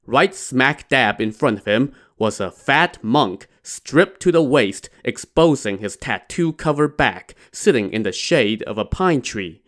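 A male storyteller casually retelling an old adventure tale at a mid pitch. He moves the plot along briskly and breaks in with wry, irreverent asides. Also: expressive, a bit bright. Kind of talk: casual retelling of a classic novel.

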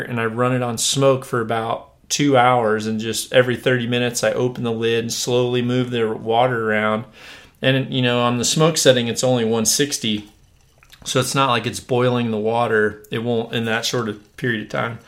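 A man hosting a casual podcast, talking in a relaxed, rambling way with many fillers and restarts. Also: mid-range voice. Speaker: podcast host. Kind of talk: casual chat.

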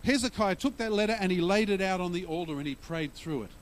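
A man's voice: high voice, animated, quick pace. A male pastor preaching a sermon in a conversational way, telling stories and using humor to explain scripture.

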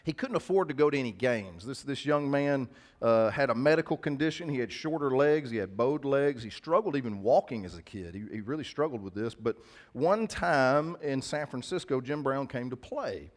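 A man's voice: medium pitch, expressive, normal speed. Male pastor, mid-range voice, preaching conversationally to his church. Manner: conversational preaching with call-outs to the congregation. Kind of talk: sermon.

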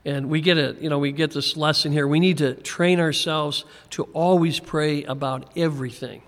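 A man teaching a Bible passage verse by verse, in a relaxed conversational way with frequent chuckles and small restarts. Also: a little high, moderate pace. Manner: conversational, chuckles often, repeats words when restarting. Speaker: pastor. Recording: long hall reverb.

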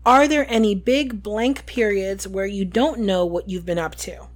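A woman quoting a calm, blunt teenage girl while recapping a book. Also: medium pitch, a little slow, natural voice. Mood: matter-of-fact. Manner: quoted plainly, matter-of-fact.

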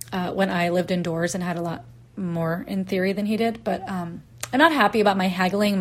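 A woman in her thirties, a podcast host telling a personal story and acting out the voices in the dialogue she quotes. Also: medium pitch. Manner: animated, acts out voices in quotes.

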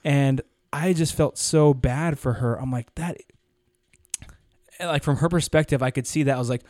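A man's voice: medium pitch, normal speed, darkish tone, no echo, clean studio sound. A young man co-hosting a casual podcast, rambling through a story and acting out the people in it. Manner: rambling, acts out quoted people in anecdotes. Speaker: podcast co-host.

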